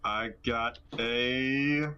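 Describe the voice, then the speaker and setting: A man's voice: medium pitch, fairly even intonation, drawn-out words, bright, forceful tone, highs cut off, a little hiss or hum. A man playing a tabletop game over a call, hesitant and joking. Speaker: player. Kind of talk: casual game chat. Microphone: computer mic, online call.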